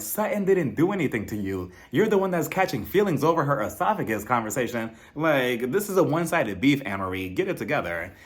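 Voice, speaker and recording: Sassy, lively male recap host. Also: medium pitch. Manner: sarcastic, dramatic asides.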